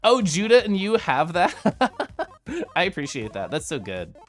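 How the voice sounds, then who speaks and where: Young guy streamer, giggly and lively, pitch jumping all over, bit of music in the back. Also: a little slow. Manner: giggly, animated, chatty with viewers. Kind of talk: casual stream chat.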